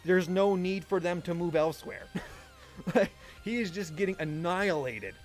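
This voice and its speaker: A young man with a high-pitched voice tells a casual story on a live stream at normal speed, animated, swearing constantly and laughing often. Faint music plays underneath.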